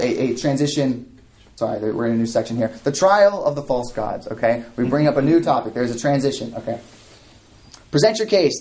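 Brief: male Bible teacher, mid-pitched, conversational, reads a passage then explains it, lots of restarts. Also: a little mellow. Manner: conversational, with frequent restarts and asides; reads scripture aloud then comments. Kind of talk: verse-by-verse Bible study teaching.

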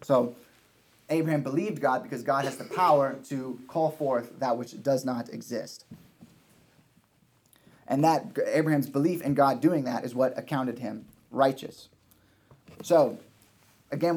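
A man's voice: medium pitch, a little mellow. A man preaching a sermon, earnest, often restarting and repeating his points for emphasis.

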